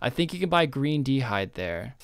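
A man in casual gameplay commentary who keeps cursing and scolding himself. His voice is smooth and clear at a middle pitch, recorded dry and close. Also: big pitch swings, moderate pace, no room sound. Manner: self-scolding, swearing, jumpy. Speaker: guest gamer.

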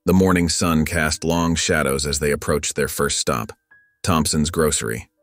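A man narrating a scripted story in a calm, measured way. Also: a bass voice, dry recording. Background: faint background music.

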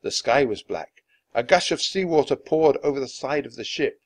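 A man reads a children's adventure story aloud. His delivery is expressive and dramatic. His pitch moves freely over a wide range. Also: moderate pace. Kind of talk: children's book read-aloud.

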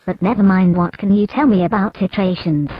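A synthetic female text-to-speech chatbot voice speaking calmly and condescendingly, with a dull lo-fi sound and music behind. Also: medium pitch, fairly quick. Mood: calm smug. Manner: calm, flat, condescending. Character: female chatbot voice, smug and know-it-all.

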